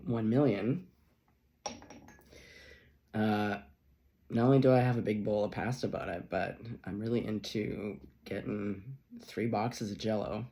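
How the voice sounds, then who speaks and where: A man's voice: lowish voice, warm tone. A man reading tarot who tells a long, rambling personal story in a chatty vlog, swearing casually and laughing often. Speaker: tarot reader.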